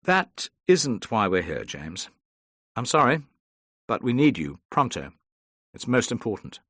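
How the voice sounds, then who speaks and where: Male narrator playing a jovial spy chief's aide, loud and insistent, dry close read. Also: mid-range voice, big pitch swings, a little slow, breathy edge, no echo, pitched above the performer's own voice, full character voice. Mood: urgent. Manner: hearty, bellows when roused. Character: gruff British chief of staff, jovial and insistent.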